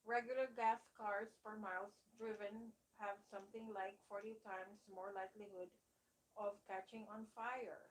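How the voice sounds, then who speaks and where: A woman's voice: medium pitch, flat delivery, moderate pace, slight background noise, poor audio. A woman co-hosting a casual live show, reading viewer comments aloud and asking naive, blunt questions.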